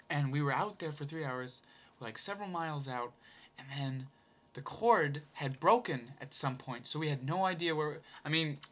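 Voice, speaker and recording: Man, fairly high voice, tense bright tone, casual improvised story, rambling, swearing, laughing. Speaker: host telling a story.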